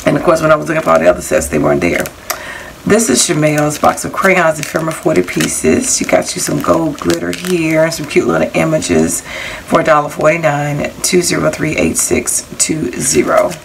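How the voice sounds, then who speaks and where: A woman's voice: sits low, expressive, moderate pace, vocal fry, a little hiss or hum, rough recording. A woman casually showing off craft supplies she bought, rambling a little and reading out prices and item numbers. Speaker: crafting haul vlogger.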